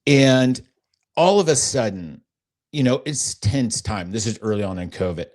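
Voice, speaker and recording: A man's voice: fairly low pitch, expressive, unhurried, darkish tone. Earnest middle-aged man telling a story. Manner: earnest, emotional, rambling with fillers. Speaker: podcast host. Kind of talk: casual faith podcast storytelling.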